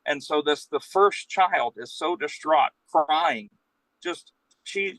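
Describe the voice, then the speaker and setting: The speaker is a man on the high side who talks slowly, a professional Santa appearing as guest storyteller. He tells a casual anecdote in a rambling, animated way, acting out the quotes, on poor audio without room sound.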